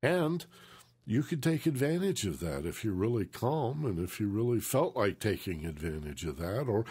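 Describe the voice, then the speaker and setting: A man's voice: lowish voice, sing-song, normal speed, darkish tone, breathy edge. A man co-hosting a mindfulness talk show, speaking in a thoughtful, reflective way and leaning on phrases for emphasis. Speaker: co-host.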